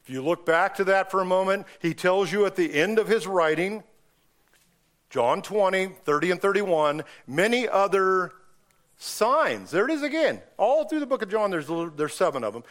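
A man's voice: sits high, lively intonation, normal speed, a bit bright. A man teaching a Bible study class, reading scripture aloud and explaining it verse by verse in a conversational way, full of rhetorical questions.

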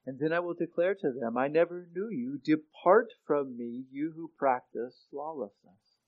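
A man's voice: fairly high pitch, moderate pace. Earnest preaching man, dull lo-fi sound. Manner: earnest preaching with frequent restarts, rising loud on quotes. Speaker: pastor. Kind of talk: sermon.

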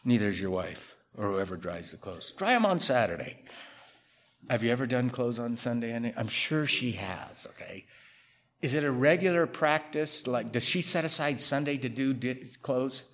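Pastor guy preaching, chatty sermon, goes loud and punchy then drops quiet, acts out what people say. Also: medium pitch, lively intonation, normal speed. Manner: conversational preaching, swinging between loud emphatic bursts and quiet asides; acts out quoted people in his own voice.

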